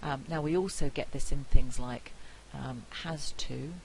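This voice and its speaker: A woman giving a recorded phonetics lecture, explaining carefully and repeating example words slowly. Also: a bass voice, gravelly, darkish tone, a little hiss or hum, rough recording.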